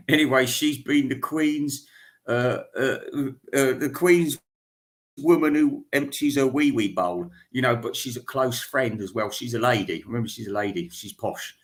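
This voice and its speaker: A man's voice: medium pitch, fairly bright tone. A Scouse-man rambles through a comic radio monologue in an ordinary mid-range male voice. He talks crudely, stops and restarts mid-sentence, and drifts off into asides.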